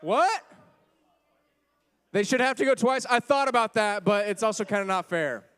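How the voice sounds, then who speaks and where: A man hosting a party game for a church youth group, playful and teasing, now and then shouting over the room. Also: high-pitched, expressive, moderate pace, smooth.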